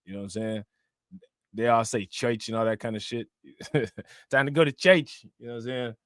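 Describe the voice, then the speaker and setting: A man hosting casual reaction commentary on crime news, animated and slangy, laughing often and giving shout-outs to viewers. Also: on the low side, normal speed, dry recording, studio quality.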